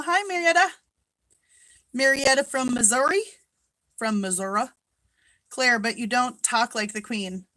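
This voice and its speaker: A woman's voice: a little high, bright, forceful tone, dry recording, low-quality recording. A woman from Minnesota hosting a casual live-stream chat from home, greeting viewers by name and laughing often.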